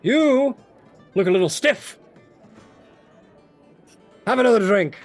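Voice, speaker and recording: A man voicing a big, boisterous, hard-drinking warrior who talks loud and pushy, over faint music. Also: high voice, lively intonation, slow pace, pitched above the performer's own voice. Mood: rowdy.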